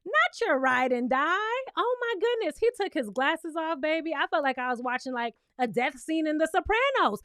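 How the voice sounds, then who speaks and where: A woman recaps a reality TV show with casual, sassy commentary, addressing viewers directly with lots of emphasis and acting out quotes in exaggerated voices. Her high, expressive voice is a bit bright and a little fast with few pauses, in a dry, studio-quality recording.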